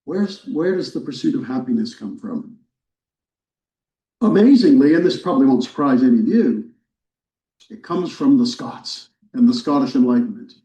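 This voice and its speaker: Act as a mellow-voiced man lecturing in a roomy hall. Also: mid-range voice, lively intonation, normal speed. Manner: conversational and wry, with fillers and restarts. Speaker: history professor giving a talk. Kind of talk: relaxed lecture to a church audience. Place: church hall, recorded live. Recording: roomy, distant, dull lecture recording.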